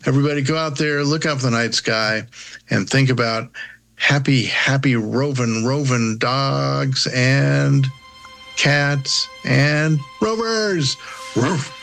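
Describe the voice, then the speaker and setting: A man co-hosting a casual space science podcast, playful and a bit halting, with fillers. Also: medium pitch, vocal fry, a bit bright, faint music behind.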